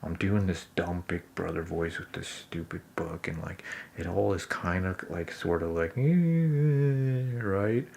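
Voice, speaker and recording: A man's voice: low-pitched, slow, gravelly, a little mellow, slight background noise. A man giving a wry, self-critical commentary, often dropping to a whisper. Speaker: commentator on his own scene.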